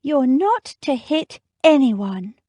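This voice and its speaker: A woman's voice: sits high, big pitch swings, slow pace, mellow, no room sound, voice pushed up, heavily acted. A woman voicing an earnest young lady, firm and eager, in an audiobook.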